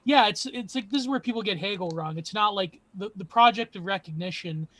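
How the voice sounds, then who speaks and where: A man's voice: sits high, brisk, fairly bright tone, dry recording. A man in a casual discussion, theorizing at length in wordy terms.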